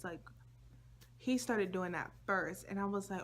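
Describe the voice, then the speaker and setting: A woman's voice: fairly low pitch, moderate pace, slight background noise. A young woman vlogger telling a personal story to her viewers in a casual, slangy, chatty way.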